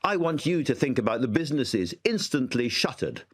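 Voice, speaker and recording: A man presenting a broadcast commentary in a measured, grave way. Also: mid-range voice, big pitch swings.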